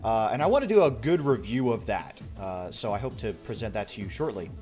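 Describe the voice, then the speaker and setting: A man streaming a video game, chatting casually with his viewers in a soft-spoken way, with sentences that often trail off quietly. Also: on the low side, animated, brisk, soft background music. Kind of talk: casual gameplay stream chat.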